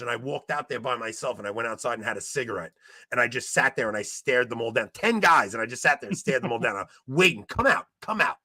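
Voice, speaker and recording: A man in casual podcast chat, telling stories in an animated way and getting loud when he retells a fight. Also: on the high side, no room sound. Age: 20s. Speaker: podcast co-host.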